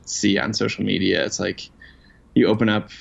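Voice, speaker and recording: A man's voice: lowish voice, little pitch movement, moderate pace, creaky, slightly rough. A man being interviewed as a guest, talking in a casual, self-deprecating, rambling way with lots of fillers. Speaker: guest, outdoor writer. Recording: dull lo-fi sound.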